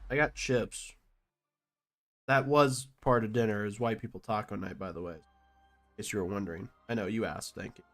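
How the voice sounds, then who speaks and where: A man's voice: on the low side, normal speed, a bit bright, faint music behind. A man streaming a video game, chatting casually with a rambling, self-deprecating manner. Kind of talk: casual live-stream chat while gaming.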